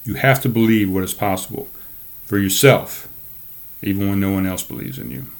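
A man's voice: deep voice, steady tone, moderate pace. Fired-up, profane male podcast host. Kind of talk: casual solo podcast rant. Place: home desk.

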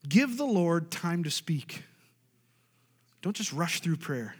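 A man's voice: a little high, very animated, slow, breathy edge, big-room sound. A man preaching a sermon as pastor, emphatic, often asking the congregation "right?" and drawing an "amen".

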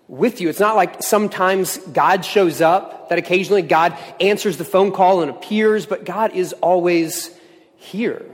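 Man preaching in a reverberant hall. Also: a little high. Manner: earnest storytelling with repeated phrases. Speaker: pastor. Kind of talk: sermon.

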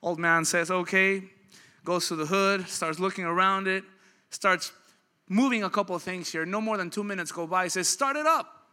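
A man in his thirties preaching a sermon, telling stories with a dynamic delivery and building to loud, emphatic peaks. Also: high voice, fairly even intonation, fairly quick, clear, resonant tone. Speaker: pastor.

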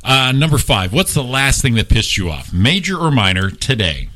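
Lively, bright-voiced podcast host man. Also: mid-range voice, normal speed. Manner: playful quizmaster, laughs often. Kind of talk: casual podcast interview.

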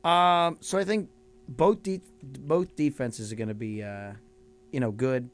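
A man co-hosting a casual sports podcast. He banters playfully and often pauses on fillers as he thinks. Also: mid-range voice, soft background music. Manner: animated, playful, halting with fillers. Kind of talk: casual sports picks chat.

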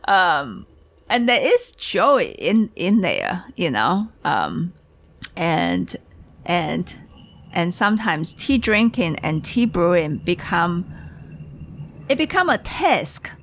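Hurried woman with a gravelly low voice. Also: very animated, a bit bright. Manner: hurried, talks ahead of herself, restarts sentences. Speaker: podcast host and tea shop owner. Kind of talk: casual podcast chat.

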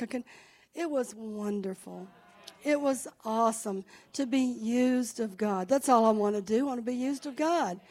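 Woman pastor, higher voice, storytelling sermon, lively quotes. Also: moderate pace. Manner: warm storytelling, quoting others, enthusiastic. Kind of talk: church testimony and sermon.

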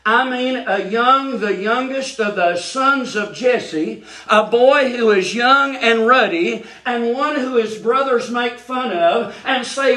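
A male preacher with a very high voice delivers an impassioned sermon at an unhurried pace. He swings between hushed passages and shouted declarations, often stumbling over repeated words as he builds. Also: echoey room.

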